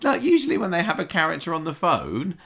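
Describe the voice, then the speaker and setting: A woman co-hosting a casual podcast, opinionated and quick with her asides. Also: on the low side, wildly swooping pitch, vocal fry. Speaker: podcast co-host. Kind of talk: casual soap recap chat.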